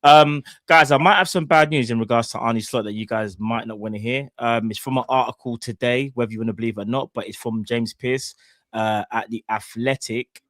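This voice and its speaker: A man's voice: mid-range voice, a little fast, a bit bright, no echo. A man hosting a live football stream, reading an article aloud in a casual, stumbling way and apologizing for slips. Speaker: podcast host.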